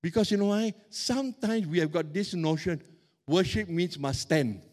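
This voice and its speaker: A middle-aged man preaching a sermon as pastor, animated and emphatic, stretching out key words. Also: sits high, normal speed.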